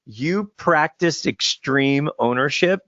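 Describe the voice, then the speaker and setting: A man's voice: fairly high pitch, animated, slow, a bit bright, dry recording, lo-fi sound. A man co-hosting a podcast, speaking in earnest, emphatic bursts. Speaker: podcast co-host. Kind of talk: casual chat.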